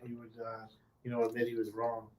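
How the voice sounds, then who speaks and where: A man joining a casual live discussion as a guest, who speaks haltingly with restarts. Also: mid-range voice, completely flat delivery, echoey room, low-quality recording. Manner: hesitant, halting.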